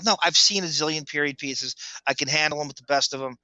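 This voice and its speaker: Blunt, opinionated man with a bright voice. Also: a little high, expressive, brisk, few pauses, dry recording, highs cut off. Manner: blunt, opinionated, repeats words when starting sentences. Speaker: podcast co-host. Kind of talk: casual chat.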